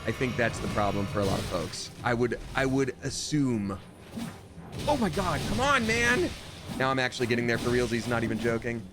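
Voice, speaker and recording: A man chatting casually as he streams a video game, his voice sitting at an ordinary, middle pitch. He talks in a loose, conversational way that breaks into sudden excited outbursts. Game music plays clearly behind him. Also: fast, hardly any pauses. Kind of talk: casual live-stream commentary.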